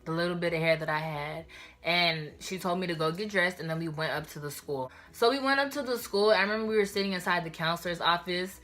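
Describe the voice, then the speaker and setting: A young woman telling a storytime vlog in an animated, slangy way, talking straight to her viewers. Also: on the low side, fast, faint music behind. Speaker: vlogger.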